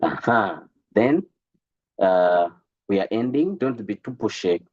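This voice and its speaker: A man coaching a group on business, in an animated, preachy way that stumbles and repeats words, heard over an online call. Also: fairly low pitch, slow pace, phone-quality sound. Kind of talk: motivational talk to a group.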